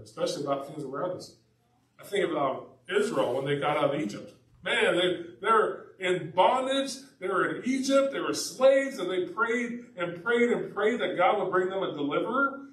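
A man preaching a sermon as pastor, telling the story in a casual, animated way. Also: on the high side. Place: church sanctuary. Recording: echoey church from a distance.

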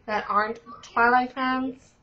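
Teen girl vlogger, chatty and gushing, higher voice, muffled home recording. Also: fairly even intonation, slow pace, bright, forceful tone. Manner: gushing, rambling, many fillers. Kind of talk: casual chat. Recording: dull lo-fi webcam audio.

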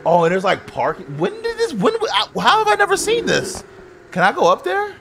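A man giving casual, profane gameplay commentary as a gaming video host, reacting loudly to what happens in the game. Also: very high voice, a little fast, creaky. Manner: excitable, profane outbursts at the game. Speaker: gaming YouTuber. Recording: noisy game audio under voice. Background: driving game engine and traffic sounds.

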